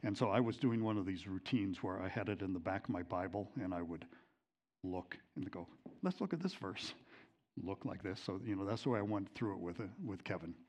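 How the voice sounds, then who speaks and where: A man's voice: deep voice, steady tone, a little fast, a little mellow. Conversational man teaching a Bible lesson. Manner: conversational, many fillers and restarts; gets emotional telling a story.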